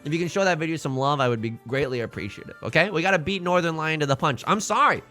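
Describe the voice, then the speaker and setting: A man streaming a live card-and-tile game, commenting in a jokey, animated way with dramatic outbursts. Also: on the high side, fast, soft background music.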